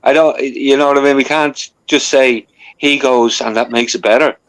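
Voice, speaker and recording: A man chatting casually, speaking haltingly with many fillers and restarts. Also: mid-range voice, fairly even intonation, fairly bright tone, dry recording, poor audio. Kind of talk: casual chat.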